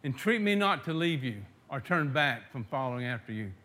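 Here a pastor speaks to his congregation at a normal speed, his mid-range voice swinging widely in pitch. Scripture passages come out loud and emphatic, while softer asides are broken by frequent restarts and repeated words.

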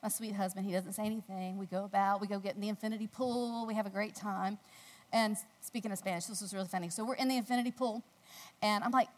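A woman from the United States giving a devotional talk, telling a personal story with animated delivery and acting out the voices in the story. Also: quick pace. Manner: animated storytelling, acting out quotes in a squealing high voice. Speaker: speaker at a faith gathering. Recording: long hall reverb.

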